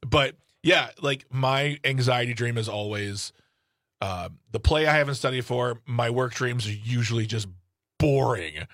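A man's voice: medium pitch, a bit bright, dry recording. Male radio co-host, playful banter, dry close-miked sound. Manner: joking, quick banter. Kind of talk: casual radio chat. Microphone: studio microphone.

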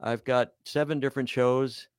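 A man's voice: medium pitch, steady tone, moderate pace, clear, resonant tone, no room sound, clean studio sound. An older man, a comedian and musician, chatting as a guest in a self-deprecating, rambling way with many fillers. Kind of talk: casual interview chat.

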